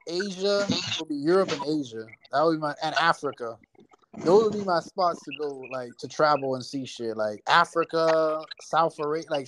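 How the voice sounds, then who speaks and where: A man from Florida, a guest in a casual chat, talking in relaxed slang and swearing a lot. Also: fairly high pitch, a little hiss or hum, poor audio.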